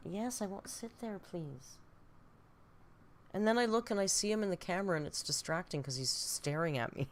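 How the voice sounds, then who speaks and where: A woman's voice: lowish voice, unhurried, long pauses. A woman hosting a casual live reaction stream from home, chatty and laughing as she scolds her cat between remarks. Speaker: reaction channel host.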